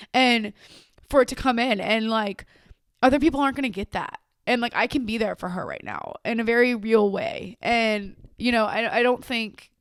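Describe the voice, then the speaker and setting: A woman's voice: on the high side, dry recording, studio quality. A young woman hosting a podcast, talking candidly and emotionally in a rambling way, often repeating words as she opens up. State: tearful at times. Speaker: podcast host. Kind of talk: candid personal monologue. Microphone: own camera.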